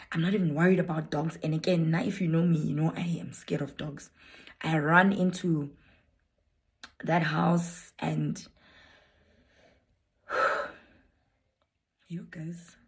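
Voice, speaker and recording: A woman's voice: deep voice, gravelly. A South African woman telling her own story to viewers in a chatty, candid vlog, rambling a little and slipping into Setswana.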